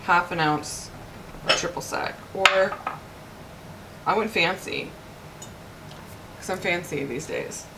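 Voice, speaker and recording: A woman's voice: lowish voice, slow pace, pauses often, very noisy. Chatty young woman vlogging from her kitchen. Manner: chatty and excitable, rambling asides. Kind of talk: casual chat to camera. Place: cold home apartment kitchen.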